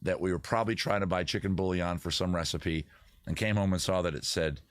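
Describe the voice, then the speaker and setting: A man's voice: sits low, steady tone, a little fast, no room sound, studio quality. A man hosting a casual livestream from his home computer, rambling and bantering with his chat in a mock-indignant way. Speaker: livestream host. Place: home setup at a computer with several monitors.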